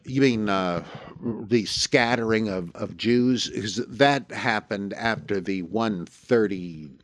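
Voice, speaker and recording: Low-voiced man musing aloud, dry recording. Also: no room sound. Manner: halting, thinking aloud with many fillers. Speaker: podcast host answering listener questions. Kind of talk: casual talk, reading scripture and listener mail.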